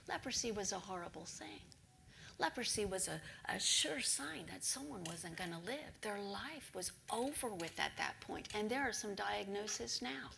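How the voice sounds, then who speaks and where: Gravelly-voiced woman preaching. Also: medium pitch, normal speed, slight background noise. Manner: animated storytelling, drops to hushed whispers for emphasis. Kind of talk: sermon.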